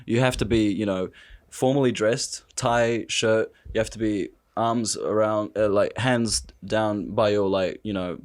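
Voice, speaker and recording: A young man, a podcast guest, telling animated stories and laughing as he talks. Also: fairly low pitch, unhurried, hardly any pauses. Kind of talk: casual storytelling.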